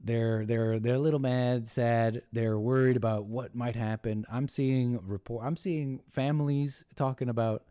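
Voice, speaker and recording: A man's voice: medium pitch, steady tone, warm tone, smooth, dry recording, studio quality. A man hosting a live call-in show, talking in a rambling, mocking monologue full of restarts and put-on voices for the people he quotes. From United States. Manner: mocking, puts on voices when quoting others; halting, with many restarts and laughs.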